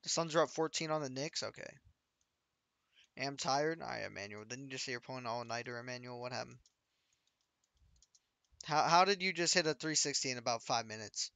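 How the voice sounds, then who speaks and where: A man's voice: mid-range voice, a little fast, gravelly, long pauses, pushed and bright, no room sound. A man streaming a game, chatting casually with his viewers and teasing his friends. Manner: joking, teasing banter with chat and friends.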